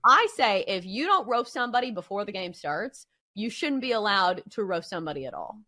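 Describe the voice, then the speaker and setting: A woman's voice: medium pitch, very animated, fairly quick, sharp tone. Emphatic woman betting show host. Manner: emphatic, arguing a point. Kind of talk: opinion commentary.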